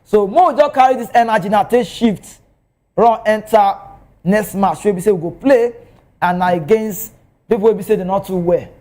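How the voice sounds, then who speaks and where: Nigerian male TV football pundit, pitched high, mellow tone, excitable delivery. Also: normal speed. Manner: animated, excitable, swings pitch. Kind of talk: TV football commentary in Pidgin. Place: TV studio.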